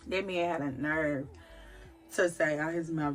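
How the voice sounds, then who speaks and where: A pregnant woman and mother of a big family, talking to camera about faith in an emphatic, animated, storytelling way. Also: low voice, measured pace, faint music behind. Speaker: vlogger, mother of a large family. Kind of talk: candid faith-filled personal talk to camera.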